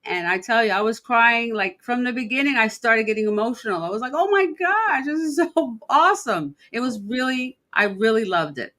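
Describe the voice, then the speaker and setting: A woman's voice: fairly high pitch, expressive, normal speed, few pauses, sharp tone. A middle-aged woman hosting a live interview, gushing with enthusiasm and laughing a lot. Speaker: interview host.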